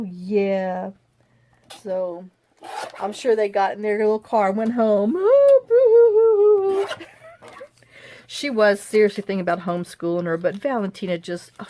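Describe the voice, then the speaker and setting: A woman's voice: medium pitch, mellow. A middle-aged woman, chatting folksily with her viewers while she glues and trims a craft project at home, often talking to herself as she works. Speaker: craft vlogger. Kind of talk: casual chat while crafting.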